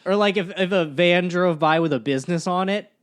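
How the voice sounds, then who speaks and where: Man, twenties, podcast co-host, casual chat, wry deadpan humor, slightly high voice. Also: brisk, smooth. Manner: wry, deadpan asides, laughing at his own stories.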